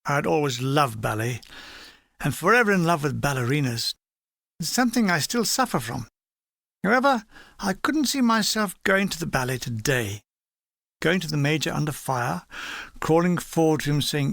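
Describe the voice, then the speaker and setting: Older bloke reading his memoir, gravelly, dry wry delivery, very dead close sound. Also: fairly high pitch, expressive, moderate pace, fairly bright tone, dry recording. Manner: dry, wry, matter-of-fact storytelling.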